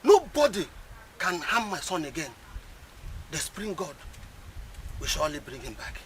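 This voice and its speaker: A man's voice: a little high, sing-song, unhurried. A stubborn old father. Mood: defiant. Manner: firm, reassuring. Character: aging father, defiant and protective of his son. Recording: loud background noise.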